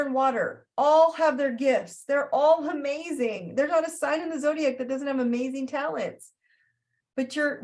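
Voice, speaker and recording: A woman hosting a spiritual astrology talk in an animated way, often slipping into playful character voices. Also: high-pitched. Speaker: astrology host.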